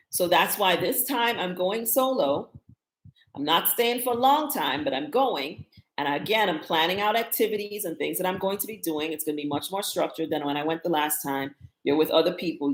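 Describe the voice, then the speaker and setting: A woman in her fifties chatting casually in a live stream about her travels, telling stories in a wry, animated way. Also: low-pitched, roomy sound, poor audio. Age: 50s. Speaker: travel vlogger.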